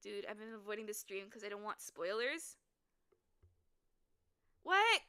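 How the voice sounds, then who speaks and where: A woman streaming a story game, reading it aloud and chatting with viewers, quick to burst into excited exclamations. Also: medium pitch, clear, resonant tone. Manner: excitable, breaks into squeals and exclamations.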